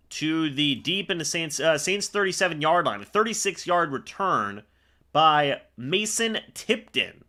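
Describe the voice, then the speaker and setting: A young man hosting a live fan reaction stream, calling the plays as he watches and getting excitable on big moments. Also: on the high side, measured pace. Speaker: fan livestream host.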